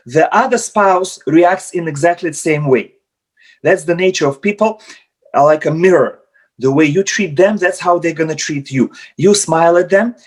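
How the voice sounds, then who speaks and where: A man, a rabbi, giving a lecture on marriage over a video call, acting out quarrels between spouses. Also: a little high. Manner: acts out spouses' quarrels in quoted voices. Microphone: computer mic on video call.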